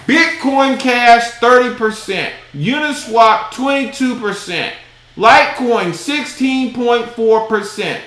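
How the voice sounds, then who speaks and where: A man's voice: extremely high pitch, animated, slow, bright, forceful tone, roomy sound. A man hosting a crypto channel, talking casually, with emphatic, exasperated and folksy commentary and a bit of cussing.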